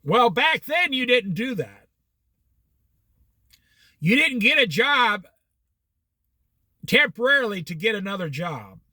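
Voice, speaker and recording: A man's voice: extremely high pitch, big pitch swings, slow pace, long pauses, sharp tone, no room sound. A middle-aged American man telling rambling personal stories in a casual monologue. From United States. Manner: rambling, anecdotal, with restarts and quoted dialogue.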